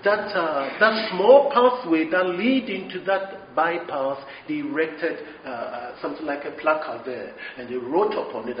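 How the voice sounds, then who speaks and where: A man's voice: normal speed, hardly any pauses, far from the mic, slight background noise. A man preaching a sermon, reading scripture passionately and pleading earnestly. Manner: impassioned, rising high when reading scripture aloud. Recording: echoey room, slightly dull sound.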